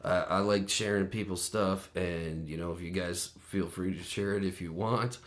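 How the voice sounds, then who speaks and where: A man with a deep, low voice co-hosts a casual live stream. He talks in a relaxed, easygoing way, backing up his partner with short agreements and soft chuckles. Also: normal speed. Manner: laid-back, chuckles and chimes in with short agreements. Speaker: co-host of a live music and talk stream.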